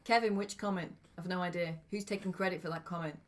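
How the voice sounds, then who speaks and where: A woman's voice: on the low side, fast talker. A woman co-hosting a casual home livestream, chatting in a giggly, rambling way. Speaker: livestream co-host. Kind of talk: casual chat. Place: home living room. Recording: home stream with steady background noise.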